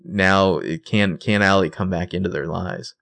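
Deep gravelly man chatting casually. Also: fairly even intonation, moderate pace, fairly bright tone, dry recording. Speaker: podcast co-host recapping a TV episode. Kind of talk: casual chat.

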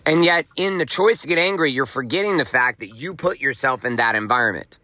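A man delivers a motivational podcast monologue with a bright, tense edge to his voice. He talks emphatically, swears casually and hammers his points home by repeating phrases. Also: mid-range voice, animated, brisk. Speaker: podcast host. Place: outdoors walking in the rain.

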